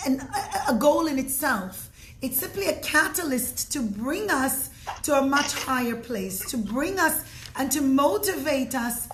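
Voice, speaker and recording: A woman giving an informal religious talk, telling stories earnestly and often restarting and correcting herself. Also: high-pitched. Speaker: religious teacher.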